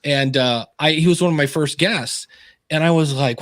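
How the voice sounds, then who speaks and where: Chatting as a video-call guest, this man, a podcaster and writer, talks fast in a voice on the high side. He's self-deprecating and lively, performing the quotes in his anecdotes during the relaxed interview. The audio is studio-grade and echo-free.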